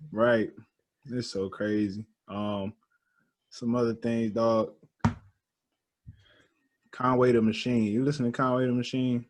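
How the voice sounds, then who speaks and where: A man co-hosting a casual podcast, talking in a laid-back way with lots of slang and animated asides. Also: mid-range voice, slow, long pauses, slight background noise. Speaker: podcast co-host. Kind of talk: casual chat.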